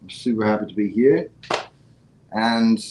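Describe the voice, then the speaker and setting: A man's voice: a little slow, a little mellow. A man, a guest artist, chatting casually with dry humor. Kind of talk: casual chat. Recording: echoey room, faint rumble.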